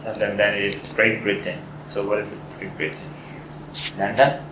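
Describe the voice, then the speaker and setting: A man's voice: on the low side, little pitch movement, normal speed. A man in an English speaking club, answering hesitantly and thinking aloud, often repeating words. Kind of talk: casual classroom discussion. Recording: echoey room with background noise.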